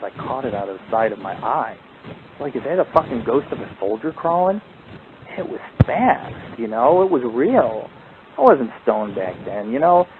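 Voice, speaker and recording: A man hosting a paranormal radio show, telling a long, profane, rambling ghost story in a casual, animated way. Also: mid-range voice. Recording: tinny phone-like line with faint hiss.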